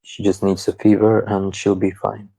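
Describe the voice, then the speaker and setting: A man's voice: on the low side, completely flat delivery, moderate pace, creaky, dark tone, slightly rough, no room sound, rough recording. A man playing a tabletop game, speaking earnestly for his character. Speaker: player.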